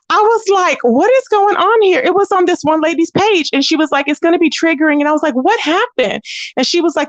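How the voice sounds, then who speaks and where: A woman hosts a livestream of casual gossip with her viewers, animated as she acts out the people she mentions in a higher pitch. The recording has no echo but sounds muffled.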